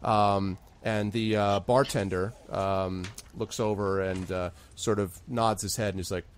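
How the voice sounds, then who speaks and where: A man's voice: on the low side, fairly even intonation, measured pace, slight background noise. A man narrating a tabletop game as game master, with frequent hesitations and fillers.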